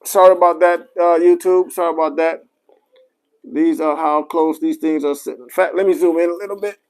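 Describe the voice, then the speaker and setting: A man's voice: fairly high pitch, steady tone, normal speed, darkish tone, low-quality recording. A man, a barber, chatting casually on a live stream and talking straight to his viewers, with many apologetic asides and fillers. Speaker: barber reviewing clippers.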